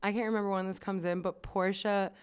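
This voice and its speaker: A woman's voice: mid-range voice, little pitch movement, fast talker, clean tone. A young woman hosting a podcast, chatting casually, giggly and rambling. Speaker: podcast host. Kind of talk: casual chat.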